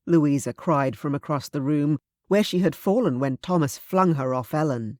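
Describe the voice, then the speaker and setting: A woman's voice: low-pitched, no echo, clean studio sound. Woman narrating a romance audiobook. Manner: measured, expressive reading.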